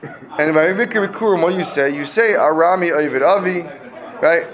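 A man's voice: on the high side, moderate pace, fairly bright tone. A man teaching a classroom Talmud lesson, explaining step by step and checking in with students often.

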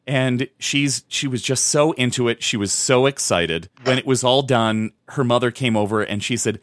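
A man's voice: mid-range voice, normal speed, hardly any pauses, fairly bright tone, no room sound. A man in his thirties, a podcast co-host, telling a story in casual chat with frequent restarts. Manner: rambling storyteller with many restarts.

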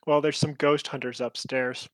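A man's voice: medium pitch, level tone, moderate pace, a bit bright. A man playing a tabletop game, speaking in character with a wry manner. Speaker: player.

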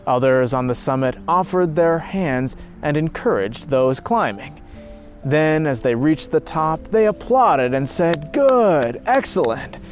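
A man telling a story in steady, earnest scripted narration. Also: fairly high pitch, unhurried, faint music behind.

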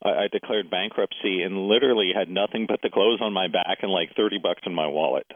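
A man with a lowish voice tells a long personal story, now and then acting out the people in it. The sound is thin and tinny, as if over a phone line. The room is dry, with no echo. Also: quick pace. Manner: animated storyteller, quotes others in dialogue. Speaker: guest. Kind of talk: casual interview storytelling.

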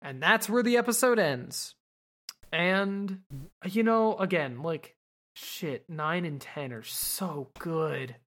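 Low-voiced woman casually recapping anime. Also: lively intonation, slow pace, a bit bright. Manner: rambling, profane, lots of fillers. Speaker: podcast host.

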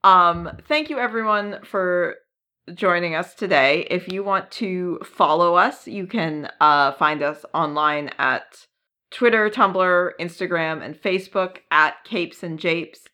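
A woman co-hosting a podcast in casual chat, laughing often and filling pauses with ums. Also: fairly low pitch, bright, forceful tone. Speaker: podcast co-host.

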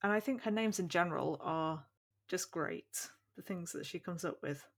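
A woman's voice: fairly low pitch, moderate pace, creaky, husky. A woman co-host in a casual, chatty book discussion.

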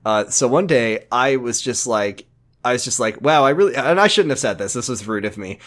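A young man co-hosting a podcast, swearing freely and telling work stories in lively casual chat. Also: medium pitch, a little fast. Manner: animated, swearing storyteller. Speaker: podcast co-host.

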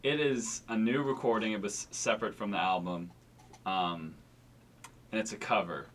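Hesitant low-voiced young man co-hosting. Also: moderate pace, fairly bright tone, slight background noise. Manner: hesitant, lots of likes and ums. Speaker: podcast co-host and musician. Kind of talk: casual chat.

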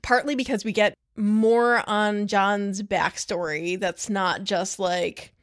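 A woman co-hosting a podcast, chatting casually and laying out ideas quickly. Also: mid-range voice, fairly even intonation. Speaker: podcast co-host. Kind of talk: casual chat.

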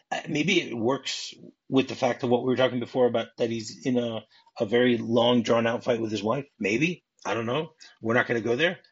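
A man's voice: mid-range voice, breathy edge. A man from Michigan hosting a movie podcast, retelling scenes casually and reading script lines aloud. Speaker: podcast host. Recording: dull muffled audio.

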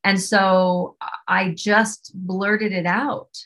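Husky-voiced woman telling her story. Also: medium pitch, level tone, very slow, a bit bright. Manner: earnest, candid, quotes herself and others. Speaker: podcast guest. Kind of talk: personal storytelling.

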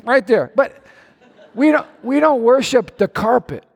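A male pastor delivers a lively sermon in a high, bright voice. He swings from calm teaching into sudden shouts and playful high-pitched mimicry. The sound carries a long echo from the church hall. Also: unhurried, gravelly.

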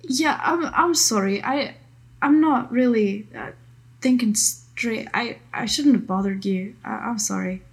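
Woman voicing a tired ship's doctor, husky voice, slow halting speech, full of pauses. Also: a little high. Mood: hesitant. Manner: hesitant, halting, apologetic. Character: weary female ship's doctor, rough-edged.

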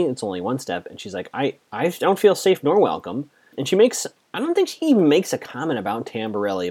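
A man casually recapping a TV episode, chatty and quick to quote the characters. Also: lowish voice, darkish tone. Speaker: TV recap host.

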